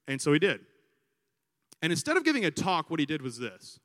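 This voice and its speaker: A man from Alabama with a Southern American accent, a priest preaching a sermon and telling stories with lively crowd imitations. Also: medium pitch, fast, big-room sound. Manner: animated storyteller, imitates crowds. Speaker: priest, vocation director. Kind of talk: sermon with storytelling.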